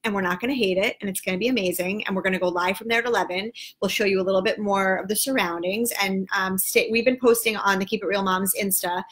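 A woman in her thirties chats casually on a live stream. Her delivery is quick and rambling, and she piles fillers into her sentences. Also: medium pitch, steady tone, a bit bright. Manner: chatty, quick, filler-heavy. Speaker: co-host of a parenting show.

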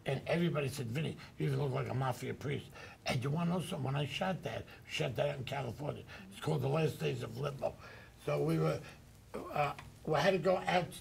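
An older man hosting a talk show, telling rambling, animated stories. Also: a little high, quick pace, gravelly, slight background noise. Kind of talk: anecdotal chat.

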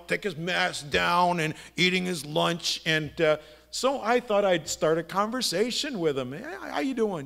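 A middle-aged male pastor preaches in a church sanctuary, telling stories conversationally and posing rhetorical questions to his listeners. His voice is fairly high in pitch, gravelly, and sharp in tone.

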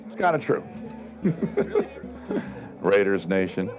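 A man's voice: mid-range voice, big pitch swings, normal speed, music in the background, poor audio. Middle-aged guy doing a sarcastic street show at a ren fair, voice all over the place, heckling folks in the crowd. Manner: sarcastic, teasing the audience, barking for a crowd. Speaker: street comedian and juggler. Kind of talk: live outdoor comedy show with crowd banter. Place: outdoor stage at a renaissance fair.

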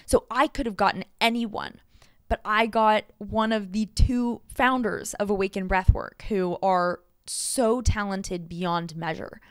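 Woman, podcast host, candid personal storytelling, expressive delivery, dry close sound. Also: mid-range voice, clear, resonant tone, dry recording. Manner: earnest and expressive, with quick shifts in loudness.

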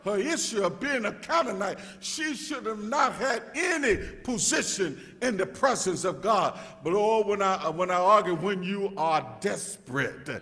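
A male pastor preaching a sermon, restarting words in stammering repeats and rising to shouts as he calls out to his congregation. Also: high-pitched, lively intonation, measured pace, hardly any pauses. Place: church sanctuary. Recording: long reverb of a church hall.

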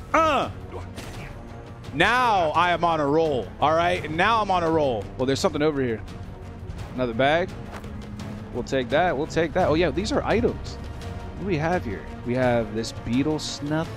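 A man's voice: fairly high pitch, moderate pace. A man hosting a gaming video, joking and talking to the characters as he plays. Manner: excitable, joking, talks to the characters. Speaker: gaming channel host. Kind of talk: let's play commentary. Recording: game music underneath.

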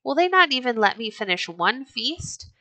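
A woman's voice: a little high, very animated, moderate pace, sharp tone, dry recording, voice pushed up, poor audio. A woman reading the lines of a bold, hot-tempered but jovial red-bearded Viking chieftain in a hearty, boastful storybook manner. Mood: rousing.

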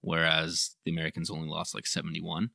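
A man's voice: extremely low pitch, completely flat delivery, a little fast, creaky, sharp tone, no echo, clean studio sound. A man co-hosting a podcast, laid-back and joking, adding his own side stories. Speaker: podcast co-host. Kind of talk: casual history chat.

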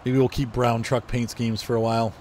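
A man's voice: medium pitch, little pitch movement, a little fast, a little mellow, a little hiss or hum. A man with a congested, stuffy voice, chatting casually and thinking aloud as he streams a game. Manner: rambling, thinks aloud while driving, self-corrects. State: congested from allergies. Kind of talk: casual gameplay commentary.

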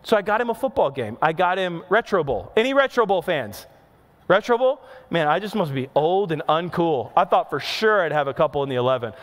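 A man in his thirties preaching from the pulpit with a notably high voice. He chats and tells stories with quick asides to the congregation, then drives home points with emphatic repeated questions. His voice rings with the long reverb of a large church hall. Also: big pitch swings. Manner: chatty storytelling with audience asides, rising to emphatic repeated questions. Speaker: pastor. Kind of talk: sermon. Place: church auditorium.

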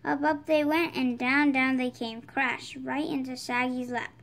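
A woman reading a children's picture book aloud, brightening her voice for the characters' lines. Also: high-pitched, fairly even intonation, measured pace, creaky. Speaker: storybook reader. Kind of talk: children's read-aloud narration.

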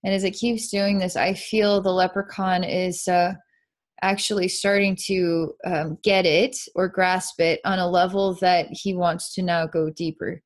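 A woman's voice: lowish voice, flat delivery, unhurried. Woman psychic narrating her visions. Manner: earnest, meandering, describing visions as she goes. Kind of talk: narrating a live energy-healing session.

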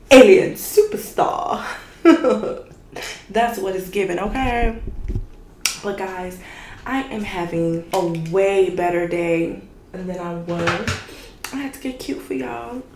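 A young woman from Chicago chats to camera about a meal she is tasting, teasing and slangy, as if talking to friends. Her voice bounces around a reverberant room, and steady background noise sits under it. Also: mid-range voice. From Chicago, USA. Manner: playful, slangy, talks straight to viewers. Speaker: food reviewer. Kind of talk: casual food review chat to camera.

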